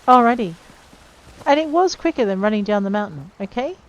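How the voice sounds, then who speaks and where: A woman's voice: medium pitch, big pitch swings, brisk, muffled recording. A woman casually commenting on her video game playthrough, chatting to the characters and joking at herself. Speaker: gamer playing through a game.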